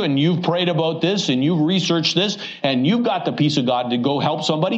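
A man's voice: on the high side, very animated, normal speed, highs cut off. A man, a pastor preaching a conversational Sunday evening sermon in a church, joking as he teaches. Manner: conversational and joking, with rising asides.

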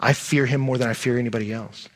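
A middle-aged man, a pastor preaching a sermon in a conversational, animated way. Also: medium pitch, fast talker.

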